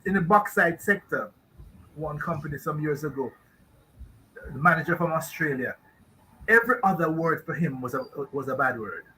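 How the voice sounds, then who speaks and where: Jamaican radio guest, man, sharp bright tone, rhetorical and emphatic. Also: on the high side, animated, normal speed, slight background noise, poor audio. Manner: emphatic, rambling, asks rhetorical questions. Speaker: guest expert. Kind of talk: radio talk show discussion.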